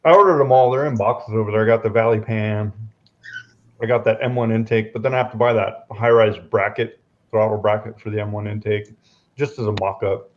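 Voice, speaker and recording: Mid-pitched male voice, relaxed storyteller, muffled sound. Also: brisk. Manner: laid-back storyteller. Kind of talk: casual garage chat. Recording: dull lo-fi sound.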